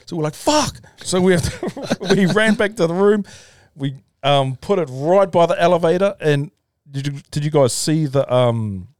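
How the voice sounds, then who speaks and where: A man's voice: fairly high pitch, lively intonation, moderate pace, hardly any pauses, darkish tone, smooth, no echo, studio quality. A man, a podcast guest, telling a long story in loose casual chat, swearing freely and calling people "bro". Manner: loose, swearing, says "bro", talks in restarts.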